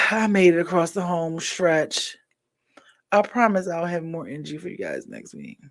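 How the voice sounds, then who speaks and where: A woman's voice: fairly low pitch, very animated, measured pace, gravelly. A tired woman hosting a livestream, chatting casually and encouraging her viewers as she signs off. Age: adult with a daughter. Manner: chatty, encouraging, loose slangy talk. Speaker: livestream show host. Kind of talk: casual sign-off chat with viewers.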